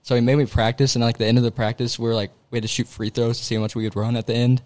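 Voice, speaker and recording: A young man on a podcast, chatting casually, quick to chime in and chuckle, calling his friends bro and dude. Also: medium pitch, little pitch movement, a little mellow. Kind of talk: casual chat.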